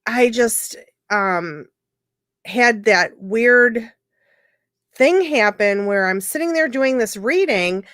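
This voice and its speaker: A woman's voice: fairly high pitch, fairly bright tone, no echo, studio quality. A woman who works as a psychic medium, chatting on an internet radio show and telling rambling, emotional stories full of restarts. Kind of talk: casual radio conversation.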